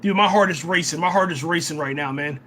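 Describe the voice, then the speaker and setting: An excitable young man reviews a TV episode live as the host of a reaction channel. His voice is fairly high and bright, and it is often stressed, and his words stumble and repeat, with "man" at the end of nearly every sentence. A faint hiss of background noise sits under the recording. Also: fast talker.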